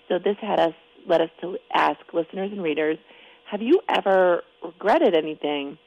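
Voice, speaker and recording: A woman's voice: fairly low pitch, expressive, moderate pace, vocal fry, a little mellow, no echo, highs cut off. A woman guest on a radio talk show, losing her voice and a little crackly, explaining things chattily in long run-on stretches. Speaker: newspaper columnist guest. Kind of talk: casual radio chat.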